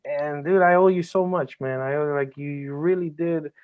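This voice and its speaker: A man's voice: fairly high pitch, steady tone, clean tone. Earnest, swearing man on a tinny line. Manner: earnest, heavy swearing, halting restarts. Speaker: podcast guest. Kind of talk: emotional podcast conversation. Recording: band-limited phone-like audio.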